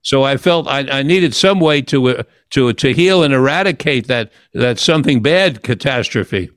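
A man's voice: medium pitch, animated, moderate pace, a bit bright, dry recording, studio quality. An older man hosting an interview and telling a personal story in an earnest, reflective way, often restarting his sentences. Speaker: host.

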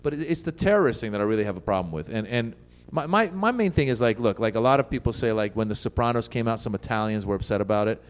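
A man's voice: lowish voice, expressive, fast. A middle-aged man from the United States, a comedian guesting on an interview show, telling stories animatedly, laughing often and acting out voices.

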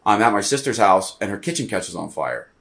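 A man talking as a podcast guest in a casual conversation, rambling and animated, with lots of fillers. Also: lowish voice, fairly quick, vocal fry.

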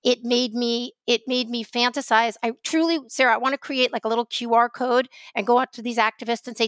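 Woman co-host from New York, high voice, dry studio sound, animated storyteller. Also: clean tone, dry recording. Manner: animated storytelling, quick rants. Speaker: podcast co-host. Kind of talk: casual chat.

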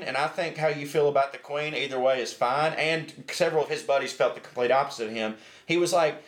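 A man's voice: a little high, quick pace, few pauses, a bit bright, reverberant. A man casually telling a travel story in a tiny pub room, rambling with lots of "like" and acting out what people said. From United States. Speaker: co-host.

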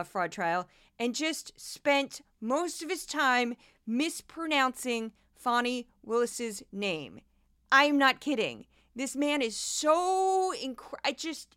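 A woman's voice: sits high, a bit bright, no echo, clean studio sound. A woman in her forties hosting a podcast, giving casual, sarcastic and exasperated commentary on news clips. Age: 40s. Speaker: podcast host.

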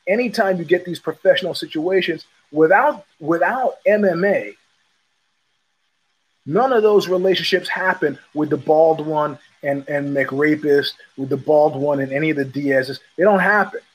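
A man's voice: fairly high pitch, moderate pace, husky, rough recording. A man hosting his own show, telling stories in a blunt, profane, casual monologue and repeating phrases for emphasis. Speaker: podcast host.

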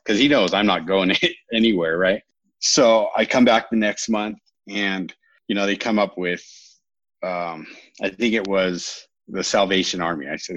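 A man's voice: sits low, measured pace, a bit bright, no echo, highs cut off. A man in his thirties from California, a podcast guest telling his own story in a candid, rambling way, often correcting himself with a wry humor.

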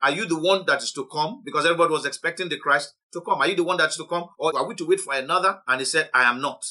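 A man's voice: fairly high pitch, rapid-fire, bright, forceful tone. A man teaching a sermon, reading scripture passages aloud and explaining them with emphatic delivery. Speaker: preacher.

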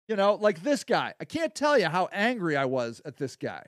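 Blunt, rambling podcast host, dry sound. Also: male voice, high-pitched, huge pitch swings, moderate pace, hardly any pauses, no echo. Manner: rambling, blunt and profane, swings from quiet to heated. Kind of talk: casual monologue.

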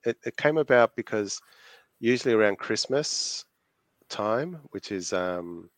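A man's voice: on the low side, expressive, measured pace, no room sound. A man with an Australian accent co-hosting a casual podcast chat, hesitant and full of fillers, laughing easily. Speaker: podcast co-host.

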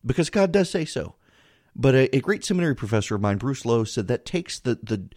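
A man's voice: medium pitch, darkish tone, no echo. A man speaks earnestly in a reflective devotional monologue, his voice sitting in an ordinary middle range. He stumbles and restarts as he pleads through his point, recorded dry and close with no room sound. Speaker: podcast host.

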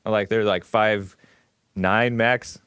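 A man's voice: on the low side, fairly even intonation, slow, a bit bright, clean tone, dry recording, clean studio sound. A man hosting a casual livestream monologue, rambling with frequent fillers, restarts and chuckles. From California. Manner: rambling, laughs often, many fillers and restarts. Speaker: host.

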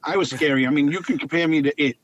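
A man, a clown telling lively stories as an interview guest and repeating phrases for emphasis. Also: a little high, fast. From Long Island, New York. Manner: animated anecdotal storyteller, repeats phrases for emphasis. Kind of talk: casual storytelling interview. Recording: dull lo-fi audio.

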